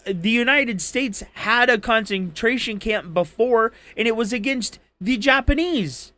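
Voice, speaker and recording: A man's voice: very high voice, unhurried, bright, forceful tone, no room sound. A man arguing politics heatedly, cursing and throwing insults at his opponent. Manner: angry, profane, insulting. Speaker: debate participant.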